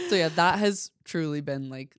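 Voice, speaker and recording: Podcast host, woman, low voice, gushing casual chatter, dry close mic. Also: very animated, clean tone, no room sound. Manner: gushing, chatty, quick asides. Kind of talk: casual chat.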